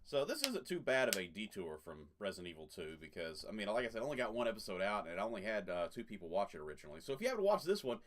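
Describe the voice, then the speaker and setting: A man's voice: fairly low pitch, big pitch swings, very fast, few pauses. A man casually commentating a video game, rambling with joking asides to viewers. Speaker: let's play host. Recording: loud game audio over voice. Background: game gunfire and vehicle sounds.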